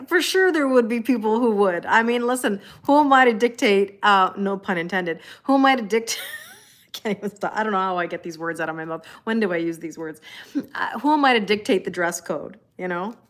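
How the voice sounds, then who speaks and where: A woman's voice: mid-range voice, brisk, a bit bright. A woman hosting a live tarot stream, chatting casually with viewers, joking and greeting them by name.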